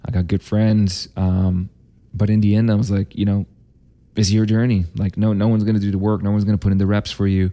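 Guy, low flat mellow voice, candid storyteller. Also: brisk. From Canada. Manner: candid, emphatic storytelling with many fillers and repeats. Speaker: vlogger. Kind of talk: personal storytelling monologue.

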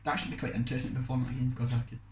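A man's voice: medium pitch, completely flat delivery, very fast. A young Scottish man, co-hosting a podcast, chatting casually and mocking himself. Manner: chatty, self-mocking, lots of "aye". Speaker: podcast co-host. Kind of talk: casual chat. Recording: echoey room with faint noise.

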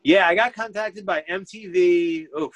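A man in his 30s who owns a vintage clothing store tells a story in a casual interview, his voice sitting high at a normal speed. He rambles, says "like" constantly, and acts out what people said. The recording is muffled with no room sound.

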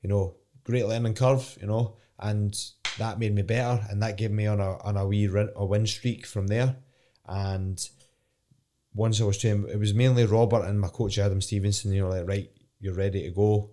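Young Scottish fighter, lowish voice, frank and meandering in a sit-down interview. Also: male voice, fairly even intonation, normal speed, mellow. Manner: candid, rambling, swears casually. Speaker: professional fighter. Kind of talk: casual interview chat.

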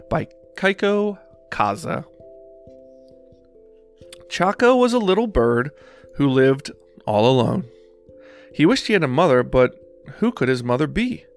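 A man hosting a show where he reads a children's picture book aloud in an expressive storytelling voice. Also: medium pitch. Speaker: host reading children's books.

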